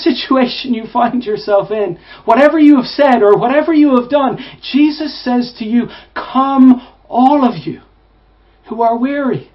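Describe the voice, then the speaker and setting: A man preaching a sermon to listeners, repeating words, swelling to emphatic peaks and falling to hushed, low phrases. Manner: repeats and restarts words, rising to emphatic bursts. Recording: dull lo-fi sound.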